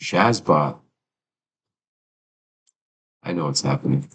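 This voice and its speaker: A man's voice: low voice, measured pace, husky, rough recording. A man chatting casually on his own live stream, rambling and talking to himself while fixing his stream audio, with casual swearing. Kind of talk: casual solo livestream chat.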